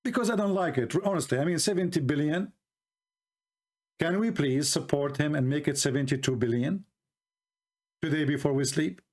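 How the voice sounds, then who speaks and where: A man's voice: on the high side, normal speed, pauses often, a little mellow. Man with an Arabic accent, sarcastic. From Middle East. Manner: mocking, ironic, rambling asides. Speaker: online commentator. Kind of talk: sarcastic monologue.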